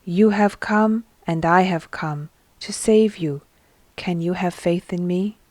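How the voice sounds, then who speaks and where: A woman voicing Jesus as a calm, commanding grown man who speaks in a solemn, gentle and firm way in a storybook reading. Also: fairly low pitch, slow, dry recording. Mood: reassuring.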